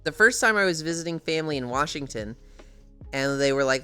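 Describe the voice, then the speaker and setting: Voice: mid-range voice, lively intonation, fairly quick, pushed and bright, clear, resonant tone, faint music behind. A young adult streamer from the United States, chatting casually at home with viewers, laughing often and swearing freely. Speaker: live streamer. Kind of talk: casual live-stream chat, answering chat.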